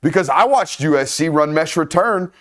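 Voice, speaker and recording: Host type: fired-up male film-breakdown guy, slightly high voice, casual and profane. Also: normal speed. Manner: animated, salty, keeps checking in with a co-host. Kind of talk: casual film-study commentary.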